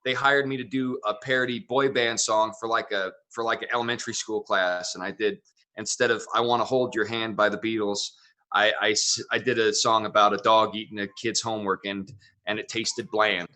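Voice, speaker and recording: A man's voice: lowish voice, fairly even intonation, a little fast, pushed and bright. A man from Wyoming, a comedian guest on a casual interview show, talking in long opinionated run-on thoughts.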